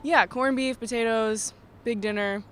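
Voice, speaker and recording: A young person answering a street interviewer outdoors, casual and halting. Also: mid-range voice, steady tone, fairly bright tone, a little hiss or hum. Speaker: passerby interviewee.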